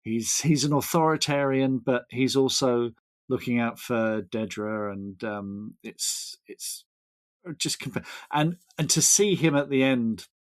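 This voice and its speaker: A man's voice: medium pitch, unhurried. A man, chatting as a podcast guest, enthusiastic and rambling with frequent restarts. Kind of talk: casual chat.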